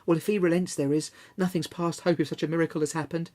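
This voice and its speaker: Man voicing a husky, anxious young mother. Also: on the high side, steady tone, quick pace, warm tone, pitched above the performer's own voice, lightly acted. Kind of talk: storybook reading.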